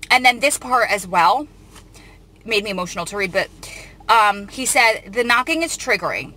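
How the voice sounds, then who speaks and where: A woman's voice: medium pitch, pushed and bright. A woman host reading out a news article and commenting on it, earnest and emotional, often restarting her sentences.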